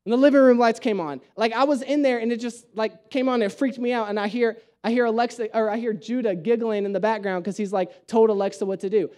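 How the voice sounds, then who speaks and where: A man's voice: high voice, quick pace, hardly any pauses. A young man, a pastor, preaching a conversational sermon full of jokes and home stories. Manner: animated, joking storyteller.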